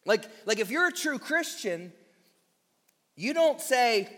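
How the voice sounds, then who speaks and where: Male pastor, sermon delivery, unhurried and emphatic, lively pitch. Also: big-room sound. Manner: emphatic preaching, slows on key words, quick asides.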